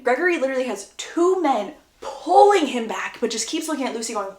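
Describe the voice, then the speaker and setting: A woman recaps a story in a casual, gossipy way. Her voice sits a bit high and stays animated. The recording carries a roomy echo. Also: brisk, few pauses. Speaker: book recap creator.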